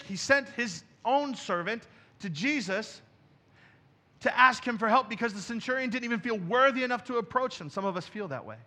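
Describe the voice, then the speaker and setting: A man, a pastor, preaching a sermon from a church stage, moving between quiet, intimate passages and loud, emphatic ones. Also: high voice.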